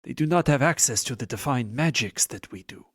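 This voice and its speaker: Man doing a husky, grave elder lizard god, dry close sound, faint music behind. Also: medium pitch, expressive, no echo. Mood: pondering. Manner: measured, grave, quietly speculative. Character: calm elder male lizard-folk god.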